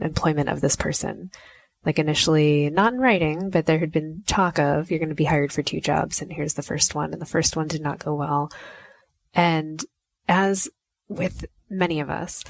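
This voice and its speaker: A woman's voice: sits low, no echo. A woman hosting a podcast, talking in a chatty, reflective way and often acting out quoted lines. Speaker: podcast host. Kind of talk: casual solo podcast talk.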